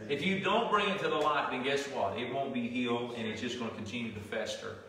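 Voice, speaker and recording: Preaching a sermon in a church sanctuary, a pastor with a Southern US accent sounds folksy and conversational, often restarting sentences in a quick, pushed, bright mid-range voice. He's recorded from far off in an echoey hall, with a little hiss or hum.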